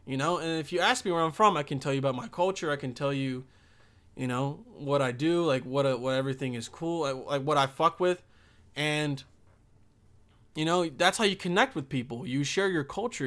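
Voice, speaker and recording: A man's voice: fairly high pitch, sharp tone. A young man hosting a podcast, talking in a loose, rambling and profane monologue. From Bosnia. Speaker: podcast host.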